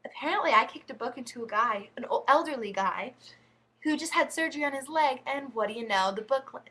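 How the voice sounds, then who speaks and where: A chatty woman vlogger rambles through her stories with frequent giggles. Her voice is sharp and bright and sits a little high for a woman. She talks straight to her viewers. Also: lively intonation, brisk. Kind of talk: casual storytelling to camera.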